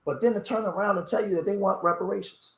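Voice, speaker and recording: A man's voice: high-pitched, fast, fairly bright tone. A man talking on a live stream, impassioned and rambling, often restarting his sentences. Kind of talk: emotional live-stream talk. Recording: roomy echo.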